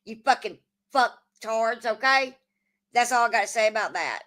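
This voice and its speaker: A woman's voice: on the high side, animated, unhurried, a bit bright. A woman hosting a casual livestream, swearing often and arguing back at her chat. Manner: profane, combative, answers chat. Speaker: livestream host.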